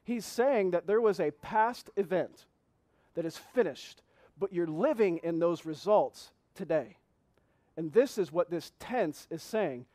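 A man preaching as pastor, reading scripture slowly and asking the congregation earnest questions. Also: high-pitched, lively intonation, mellow, dry recording. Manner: reads scripture slowly, repeating key phrases. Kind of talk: sermon.

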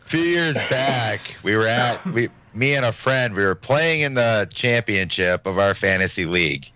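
A man co-hosting a casual podcast, telling a story in a relaxed, matter-of-fact way. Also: medium pitch, moderate pace, no room sound. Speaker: podcast co-host.

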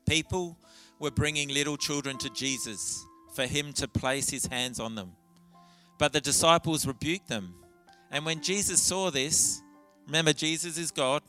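A man's voice: on the high side, sharp tone. A man preaching a church sermon in an earnest, candid way, often restarting his phrases.

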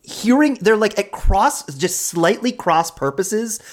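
Podcast co-host, mid pitch, very lively intonation, laughs easily, casual. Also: slow. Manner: lively, laughs often, filler-heavy. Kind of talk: casual film discussion.

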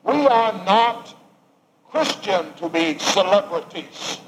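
A man's voice: sits high, sing-song, takes it slowly, gravelly, low-quality recording. Emphatic male preacher, faint hiss. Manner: emphatic preaching with wide swings between loud and hushed. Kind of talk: sermon.

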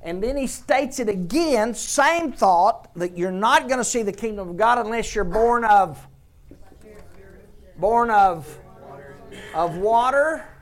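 A woman preaching a sermon to her congregation, emphatic and repeating phrases for effect. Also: mid-range voice.

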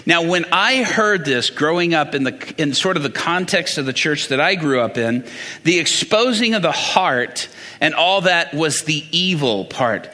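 A man's voice: a little high, expressive, normal speed, pushed and bright, long reverb tail. A man preaching a conversational sermon, quizzing the congregation as he works through Bible passages.

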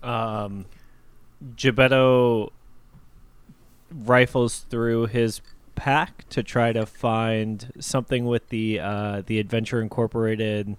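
Clear-voiced man at a game table. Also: lowish voice, little pitch movement, slow, dry recording. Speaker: player. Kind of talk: casual tabletop game play.

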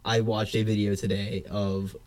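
A man's voice: lowish voice, little pitch movement, normal speed, a little mellow. Chatty man with a head cold. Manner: chatty, laughs often, drifts into tangents. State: getting over a head cold. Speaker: podcast co-host. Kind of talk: casual podcast chat.

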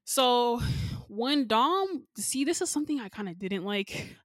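A woman's voice: measured pace, no echo. Casting note: young woman host, chatty recap storyteller, dry close sound. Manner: animated storytelling, acts out people's lines with pitch jumps. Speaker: podcast host recapping a show. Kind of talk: casual chat recap.

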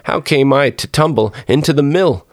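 A man's voice: mid-range voice, moderate pace, dry recording, studio quality, voice pushed up, natural voice. A man doing a tiny cheeky boy, raised voice.

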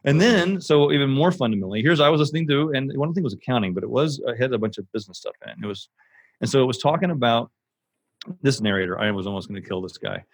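A man who runs an audiobook production company, speaking as a guest in a casual interview, animated and emphatic and swearing for emphasis. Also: medium pitch, quick pace, dry recording.

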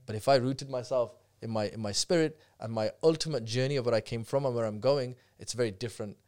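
A man talks quickly on a casual podcast. He tells stories at speed, breaking off and restarting his sentences. His voice sits at an ordinary middle pitch. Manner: fast, animated storytelling with many restarts. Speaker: guest speaker.

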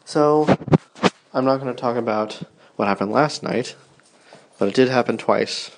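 A man's voice: mid-range voice, unhurried, very noisy. Casting note: a sleepy man in his thirties with a mid-range voice, talking in a loose, tender, rambling way to his wife. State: tired, yawning. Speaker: podcast host. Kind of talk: personal audio diary to his wife.

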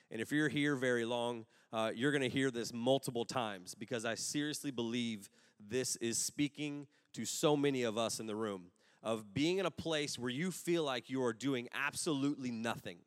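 A young male pastor preaches with a loose, joking manner, wandering into side stories. His voice sits at an ordinary middle pitch. It rings out into a large hall with a long tail of reverb. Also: normal speed, clean studio sound. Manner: casual, humorous, rambling asides. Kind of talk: sermon with personal stories. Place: large room with an audience.

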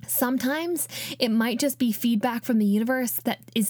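A woman's voice: fairly high pitch, moderate pace, a little mellow, dry recording, studio quality. A young woman hosting a casual solo podcast, chatty and encouraging, with many fillers. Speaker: podcast host.

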